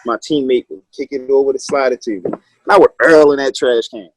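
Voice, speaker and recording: Husky-voiced man telling stories. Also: medium pitch, fairly even intonation, brisk, no room sound, rough recording. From Maryland, USA. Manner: loose, rambling storytelling with many restarts. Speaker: high school wrestling coach, guest. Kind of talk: casual interview talk.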